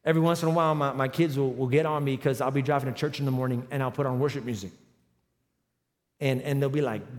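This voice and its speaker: A man in his forties preaching a sermon, telling a humorous personal story and building to loud, emphatic runs. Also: fairly high pitch, fast. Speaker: pastor. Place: large church hall with live audience. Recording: long hall reverb.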